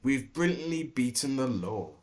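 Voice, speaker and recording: A man's voice: mid-range voice, big pitch swings, moderate pace, darkish tone, natural voice. A man voicing greedy male robbers in a read-aloud storybook, muttering their plans and then jeering with glee. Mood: gleeful.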